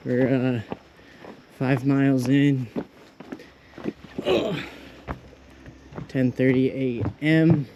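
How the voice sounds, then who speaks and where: A man's voice: mid-range voice, steady tone, extremely slow, long pauses, background noise. A young man vlogging casually while hiking outdoors on a rural trail, rambling and easily delighted, talking into a handheld camera. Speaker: thru-hiker vlogger.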